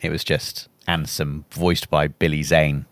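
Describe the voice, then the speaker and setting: A man co-hosting a casual gaming podcast, jokey and quick to laugh. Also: rumbling low, dry recording. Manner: animated, laughs often, jokey. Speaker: podcast co-host. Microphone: close podcast mic.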